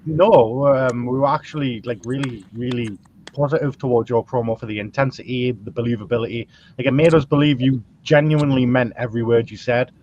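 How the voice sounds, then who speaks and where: A man's voice: medium pitch, fairly even intonation, brisk, a little mellow, slight background noise. Hesitant man hosting, lo-fi sound. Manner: hesitant, lots of ums, swears casually. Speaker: host. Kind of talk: casual podcast chat.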